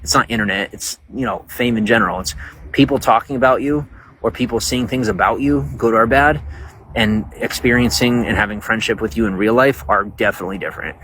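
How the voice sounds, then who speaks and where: Low-voiced guy rambling on a night livestream outside, lots of likes and you knows, faint hiss behind. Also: fairly quick, a bit bright. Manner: rambling, talks to viewers, many fillers. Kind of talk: casual livestream chat. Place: outdoors at night, bugs around.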